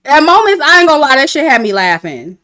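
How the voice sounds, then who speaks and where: Lively, bright-voiced woman ranting casually. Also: sits high, fast talker. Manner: candid, laughs often, talks to chat. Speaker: reality TV commentator. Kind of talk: casual review livestream.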